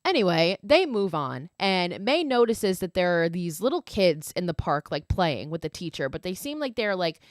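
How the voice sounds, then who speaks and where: A woman with a lowish voice talks through a horror film plot in a loose, chatty way. She leans on filler words, swears freely and slips into quick impressions of the characters. The sound is close and dry. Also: dry recording. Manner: animated quoting of characters. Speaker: podcast host. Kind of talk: casual horror film recap.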